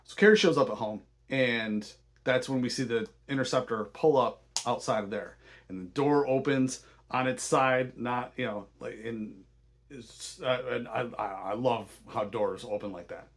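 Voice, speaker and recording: A man casually recapping a film as host, clearly excited by what he describes. He often trips over his words and restarts sentences. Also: medium pitch. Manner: enthusiastic, halting with frequent restarts. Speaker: podcast host.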